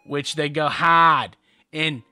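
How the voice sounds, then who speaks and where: Male podcast co-host, slightly high voice, casual and rambling, soft music bed. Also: fairly even intonation, takes it slowly, clear, resonant tone, no room sound. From Buffalo area, New York. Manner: loose, rambling, many fillers. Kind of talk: casual chat.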